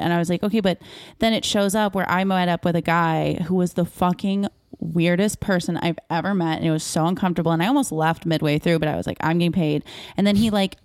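Low-pitched woman, blunt storyteller. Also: steady tone, quick pace, a little mellow, no echo, studio quality. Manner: candid, profane storytelling with lots of "like". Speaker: comedian guest. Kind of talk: casual podcast chat.

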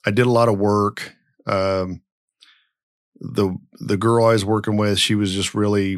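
A man's voice: on the low side, flat delivery, measured pace, no room sound, studio quality. A middle-aged man hosting a podcast, telling a long story in a rambling, blunt and profane way. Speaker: podcast host. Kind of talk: casual podcast chat.

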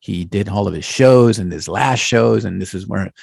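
A man in his fifties chatting casually and rambling about the old days, with a gravelly, slightly husky voice and animated bursts. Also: on the low side, moderate pace, no echo, clean studio sound. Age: 50s. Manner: animated, rambling, slips into Spanish exclamations. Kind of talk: casual chat.

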